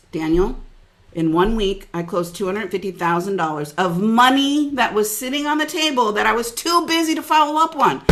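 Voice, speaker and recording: High-voiced, energetic woman business coach. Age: middle-aged. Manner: energetic, preachy, calls out listeners by name. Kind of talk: motivational webinar talk.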